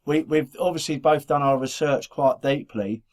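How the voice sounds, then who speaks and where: A man's voice: fairly high pitch, normal speed, a little mellow. A middle-aged man from the Black Country of England, co-hosting a podcast in casual chat, rambling and restarting his sentences often. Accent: Black Country English. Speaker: podcast co-host.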